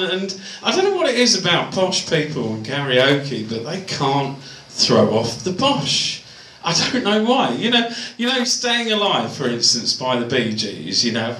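Comic, high lively voice, rambling, bright tone, roomy club, distant mic. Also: male voice, slight background noise. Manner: rambling, mimics posh voices. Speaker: stand-up comedian. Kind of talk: stand-up comedy set. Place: comedy club. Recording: roomy club sound from far off.

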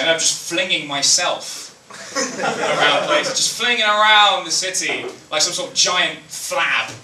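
A man's voice: a little high, background noise. A man doing a rambling, self-mocking stand-up comedy set, slipping into silly voices. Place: comedy club stage. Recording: echoey club recorded from a distance. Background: audience laughter.

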